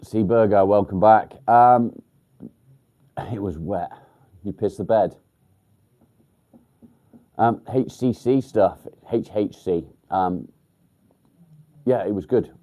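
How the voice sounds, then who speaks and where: An English man hosting a casual livestream, chatting bluntly with viewers, swearing freely and filling pauses with ums. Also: lowish voice, dark tone. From England. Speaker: livestream host. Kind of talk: casual live chat with viewers. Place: outdoors by a field.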